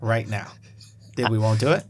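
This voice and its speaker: A man co-hosting a comedy podcast, loud and laughing, cursing freely in rowdy banter. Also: on the low side, normal speed. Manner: loud, laughing, swearing often. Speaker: podcast co-host.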